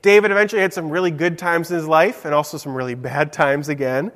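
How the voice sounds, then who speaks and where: A man's voice: fairly high pitch, fairly even intonation, fast talker, fairly bright tone, big-room sound. A man preaching a simple story-style sermon, asking his listeners questions. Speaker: preacher giving a children's message.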